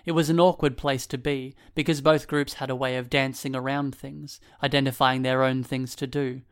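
A man reading a novel aloud as narrator, in a measured, even storytelling manner. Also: medium pitch, smooth. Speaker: audiobook narrator. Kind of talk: scripted narration.

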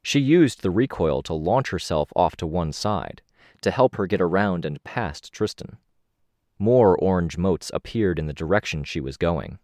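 A man with a very low voice reads a first-person action story as an audiobook narrator. His delivery is steady and measured, lifting slightly on the action beats. The recording is dry and close, with no room sound. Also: no room sound.

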